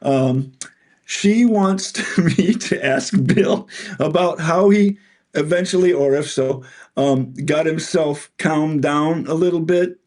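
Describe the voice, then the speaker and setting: A man speaks as a guest on a casual podcast, a little higher than most men. He is excitable and pokes fun at himself. He swears casually. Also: slow.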